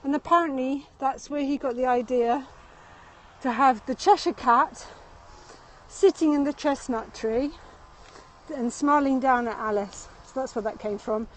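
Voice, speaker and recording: In a roughly recorded clip, a female tour guide with a high-pitched voice live-streams a walk through a city meadow and gardens at a measured pace. She talks into her handheld phone in a chatty, rambling way, laughs frequently, and is a bit out of breath.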